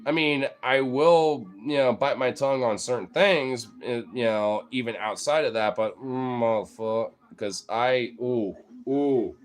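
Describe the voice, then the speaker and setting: A man's voice: mid-range voice, measured pace, hardly any pauses. A man giving a heated, profane, rambling political rant in casual chat, talking straight to his viewers as a streamer.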